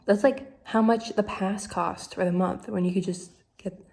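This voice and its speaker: A young woman in her twenties chats to her camera in a relaxed vlog. She rambles from one thing to the next. She fills her sentences with "like" as she goes. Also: mid-range voice, moderate pace, vocal fry. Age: 20s. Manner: chatty, rambling, lots of "like". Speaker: vlogger. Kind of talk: casual vlog chat.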